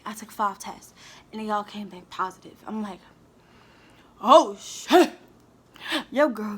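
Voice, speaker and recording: A woman's voice: a little high, fairly bright tone, slight background noise. A young woman telling a candid, heated storytime straight to her viewers. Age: young adult. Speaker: vlogger. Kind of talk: storytime vlog.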